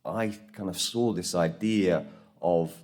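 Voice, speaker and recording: A man's voice: deep voice, slow. A man from England telling the story of making his documentary in a conference talk, acting out the people he quotes. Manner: animated storytelling, acts out quoted voices. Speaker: conference speaker. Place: conference room.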